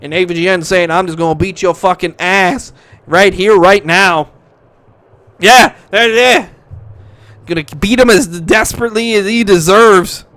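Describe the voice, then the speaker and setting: A young man doing profane, excitable play-by-play for a hobby wrestling show, swearing constantly and breaking into shouted hype. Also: high-pitched, unhurried, no room sound. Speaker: fake wrestling commentator.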